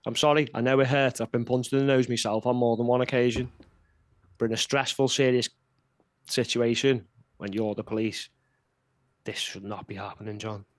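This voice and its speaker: A man's voice: medium pitch, steady tone, normal speed, no echo. A man co-hosting a casual political chat, blunt and heated. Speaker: podcast co-host.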